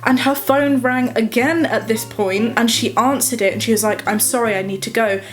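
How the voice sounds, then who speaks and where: A young Englishwoman recounts a tense personal story for her vlog, bringing every exchange to life by acting out both sides of the dialogue. Her voice sits fairly high, and soft music plays faintly behind her. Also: normal speed. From England. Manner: animated retelling, acting out dialogue. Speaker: vlogger. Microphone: camera mic.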